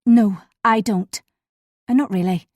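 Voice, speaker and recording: A woman's voice: medium pitch, measured pace, darkish tone, no echo, studio quality, natural voice. A woman reading an uneasy, guarded man. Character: male friend, awkward and guarded.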